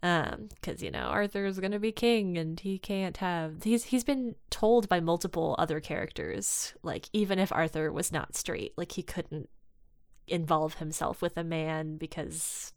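A woman with a low, smooth voice in casual chat, recapping a story and slipping into the characters' lines as she goes. The sound is dry and close, with no room around it. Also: measured pace, no echo. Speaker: podcast co-host discussing fan fiction.

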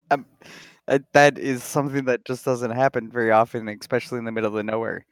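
A man joking his way through a loose podcast conversation, laughing often. His voice sits at an ordinary middle pitch and sounds dry and close. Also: no echo. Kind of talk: casual chat.

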